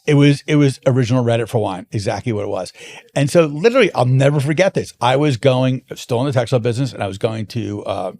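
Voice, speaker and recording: Talking fast in a mid-range voice, this wine importer appears as an interview guest. He spins long, animated stories in a relaxed conversation, restarting often.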